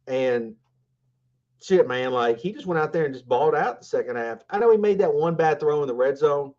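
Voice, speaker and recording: A man's voice: a little high, animated, normal speed, a little mellow, muffled recording. A man co-hosting a sports podcast in casual chat, rambling and enthusiastic, full of fillers and restarts. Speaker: podcast co-host.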